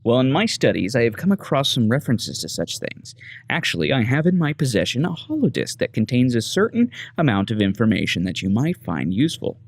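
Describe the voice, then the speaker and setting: A prim, bookish woman of the wasteland, put on by a man reading game dialogue speaks in formal, deliberate sentences. A gravelly texture runs under the voice, and the pitch moves about freely. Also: big pitch swings, no room sound. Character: polite scholarly wasteland woman, measured and formal.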